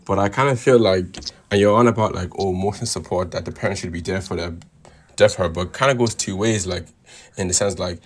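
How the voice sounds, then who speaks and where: Low-voiced man's casual voice note. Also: fast. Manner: casual, slangy, hesitant. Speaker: listener sending a voice note. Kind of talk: voice message.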